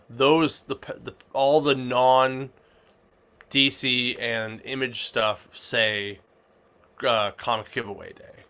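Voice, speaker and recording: A man's voice: medium pitch, pushed and bright, clear, resonant tone. A man hosting a casual comic shop podcast, rambling with lots of fillers and restarts. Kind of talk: casual chat.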